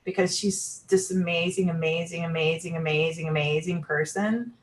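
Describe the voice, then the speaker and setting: A woman's voice: fairly low pitch, steady tone, normal speed, roomy sound. A woman talking casually about spiritual experiences, rambling with many fillers and restarts.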